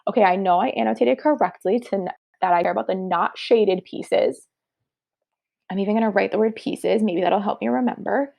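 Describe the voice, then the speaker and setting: A woman teacher leads young kids through a math review with an upbeat, encouraging tone, thinking each step out loud. Her voice sits at an ordinary pitch and carries a lot of vocal fry. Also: moderate pace. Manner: upbeat, encouraging, talks through steps aloud. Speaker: third-grade teacher. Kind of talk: online math review lesson.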